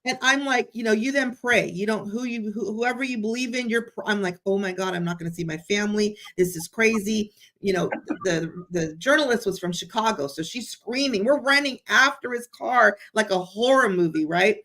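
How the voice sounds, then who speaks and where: A woman chatting as a guest, telling a story in an excited, animated way. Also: mid-range voice, moderate pace, hardly any pauses. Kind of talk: casual chat.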